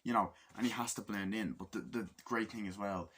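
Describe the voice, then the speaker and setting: Man, lowish voice, casual rambling film reviewer, swears a lot, acts out scenes in quoted voices. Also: fairly quick, a bit bright, slight background noise. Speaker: movie reviewer. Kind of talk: casual spoken movie review.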